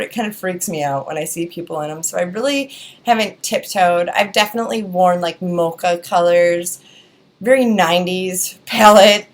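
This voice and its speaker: A young woman with a Wisconsin accent, chatting casually through a beauty product review, rambling with lots of fillers and restarts. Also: mid-range voice. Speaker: beauty vlogger.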